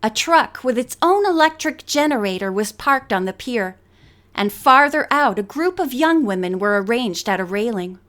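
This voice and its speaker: A woman narrating an audiobook with a measured, expressive reading. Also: fairly high pitch.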